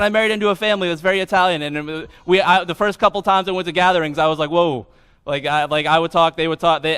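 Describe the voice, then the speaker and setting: A young man preaching a sermon as pastor, casual and animated, with lots of slang and acted-out voices. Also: sits high. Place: church sanctuary. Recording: long hall reverb.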